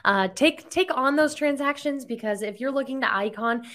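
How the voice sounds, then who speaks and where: A woman's voice: high voice, normal speed, fairly bright tone. A woman hosting a podcast interview in an upbeat way, asking leading questions. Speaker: podcast host. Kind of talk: casual interview talk.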